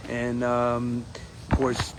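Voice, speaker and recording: A man speaking in a casual campaign monologue as a union steward, animated and acting out others in quotes. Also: mid-range voice, extremely slow, heavy background noise. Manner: animated, acts out members' voices in quotes. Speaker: union steward running for president.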